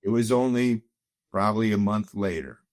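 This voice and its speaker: A man's voice: fairly low pitch, moderate pace, darkish tone, dry recording, studio quality. A man sharing a heartfelt personal testimony as a guest in a conversation, telling it earnestly. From Canada. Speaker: guest sharing his story.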